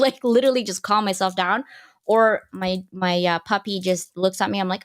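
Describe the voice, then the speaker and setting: A woman talking as a guest on a live panel chat, animated and emphatic, a little self-deprecating. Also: mid-range voice, fairly quick.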